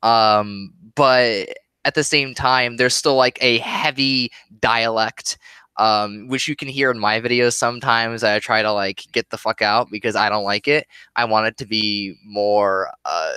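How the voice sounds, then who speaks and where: A man's voice: fairly low pitch, steady tone, unhurried, bright, forceful tone, clear, resonant tone, dry recording. A man with a Midwestern, Chicago-area accent, chatting casually on a live stream, rambling and laughing often. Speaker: streamer and YouTuber.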